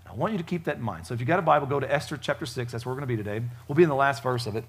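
A man preaching a casual sermon at a church service, chatty and joking, with frequent fillers and lively swings in loudness. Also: mid-range voice, very fast, hardly any pauses, slightly rough. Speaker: pastor.

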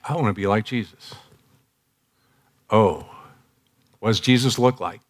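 A man in his sixties giving a sermon, confessional and direct, moving from loud emphatic bursts to soft hushed phrases and repeating key lines. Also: lowish voice, measured pace. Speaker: preacher.

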